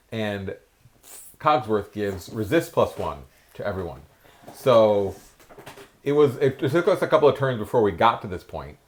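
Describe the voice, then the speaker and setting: A man hosting a casual podcast, reading trivia questions to his family and talking through his card game plays with frequent laughs. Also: fairly low pitch. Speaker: podcast host.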